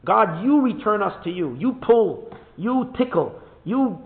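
A man giving a Hasidic Torah lecture, animated and repeating words as he searches for them, mixing in Hebrew phrases. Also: high-pitched, a little slow. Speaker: rabbi teaching a Torah class. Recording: phone-like narrow sound.

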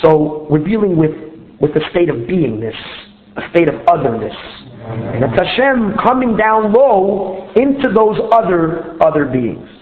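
A man's voice: high voice, sing-song, measured pace. A man teaching a religious text step by step, often asking himself questions and repeating words as he searches for the next one. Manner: explains step by step, asks himself rhetorical questions. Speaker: Torah teacher. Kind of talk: text study lecture. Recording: tinny phone-line sound in a roomy space.

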